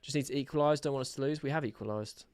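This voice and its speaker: A young man hosting a live football watch-along, chatting casually with his viewers, excitable and sarcastic, shouting when his team scores. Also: medium pitch, racing, no room sound. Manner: excitable, bursts into shouts at goals, sarcastic banter with chat. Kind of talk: live match reaction chat.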